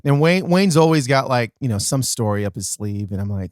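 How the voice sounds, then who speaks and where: A man hosting a podcast, telling a casual story in an animated way with comic exaggeration and self-mocking asides. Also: medium pitch, a little fast, no echo, clean studio sound. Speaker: podcast host.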